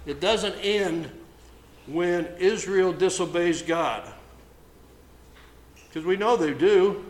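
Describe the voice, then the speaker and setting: A man preaches his sermon at an unhurried, deliberate pace, pressing his points through repetition. His voice sits a little high for a man. The sound is roomy and echoey, with a faint ambience underneath. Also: a bit bright, a little hiss or hum. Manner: slow, emphatic preaching with repeated phrases. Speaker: pastor.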